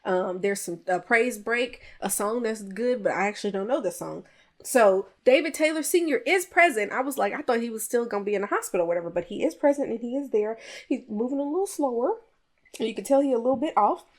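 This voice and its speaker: A woman with a somewhat high voice talks through a movie plot in a loose, conversational way. She is chatty and animated, tossing in playful jabs at the characters as she recaps scenes for her podcast. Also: fairly quick. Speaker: podcast host reviewing a film. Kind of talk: casual chat.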